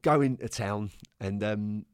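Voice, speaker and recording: A man, a former footballer, telling a funny anecdote as a podcast guest in a lively storytelling manner. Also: on the low side, a little slow, clean tone, no echo, studio quality. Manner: lively storyteller, jumps into voices.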